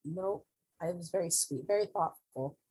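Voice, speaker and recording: A woman's voice: on the low side, moderate pace, dark tone, husky, rough recording. A woman recapping a TV episode in casual chat, emphatic and enthusiastic, often repeating words.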